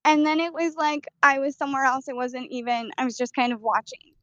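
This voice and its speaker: A woman co-host chatting casually, her voice on the high side and her sentences coming out in quick, broken bursts. The recording is dry and dull, with a lo-fi edge. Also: sharp tone, dry recording. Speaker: podcast co-host. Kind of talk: casual chat.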